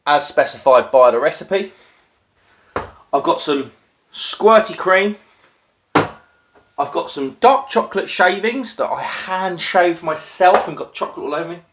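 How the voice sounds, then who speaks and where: A man's voice: fairly high pitch, expressive, measured pace, long pauses, fairly bright tone, a little hiss or hum. Rambling man making a drink. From Norfolk, England. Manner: rambling, self-deprecating, many filler ums. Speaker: craft beer video host. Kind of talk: casual chat while making a drink. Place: at home, crouched down. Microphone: phone.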